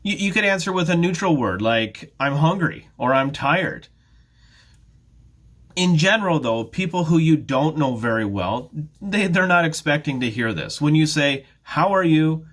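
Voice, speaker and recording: A middle-aged man with a Canadian accent teaching a slow, clear beginner English lesson, patiently modelling phrases with careful intonation. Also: on the high side, expressive, a bit bright. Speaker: ESL teacher, head of academics.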